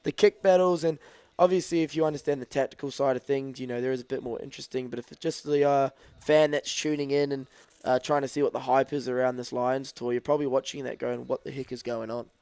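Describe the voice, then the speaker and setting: A man co-hosting a rugby podcast, measured and analytical, talking through tactics at length. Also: mid-range voice, steady tone, darkish tone, clear, resonant tone, no room sound. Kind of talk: live watch-along sports podcast chat.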